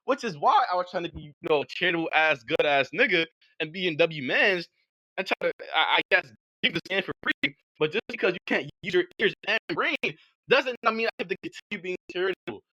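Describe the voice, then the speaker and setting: A young man's fast, bright, cutting voice tears into an opponent in a heated voice-chat debate, insulting him without pause. The sound is dry and close, with dull, lo-fi voice-chat quality. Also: sits high, expressive, dry recording. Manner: aggressive, insulting, rapid-fire ranting. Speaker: online debater.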